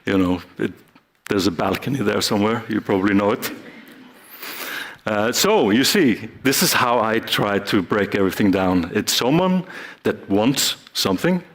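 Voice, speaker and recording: A man's voice: lowish voice, expressive, moderate pace. A man giving a live talk on stage, playfully acting out short scenes with volunteers from the audience. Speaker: speaker.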